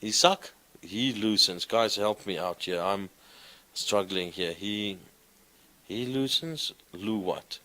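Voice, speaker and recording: Man, lecturing a class, low voice, slow unhurried delivery, encouraging, asks questions. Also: sharp tone. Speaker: Greek teacher.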